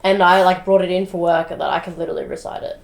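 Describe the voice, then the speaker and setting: Woman director, low voice, chatty, echoey room. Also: gravelly, a little hiss or hum. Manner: chatty, quick to laugh. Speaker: director who cast the actors. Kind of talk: casual chat. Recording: roomy echo.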